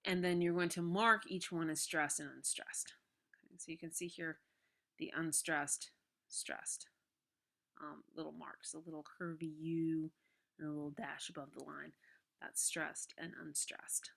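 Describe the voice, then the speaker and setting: A woman's voice: low-pitched, level tone, measured pace, gravelly, bright, forceful tone. A woman teacher patiently explaining a worksheet step by step, with frequent checks like "okay". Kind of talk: recorded classroom lesson walkthrough.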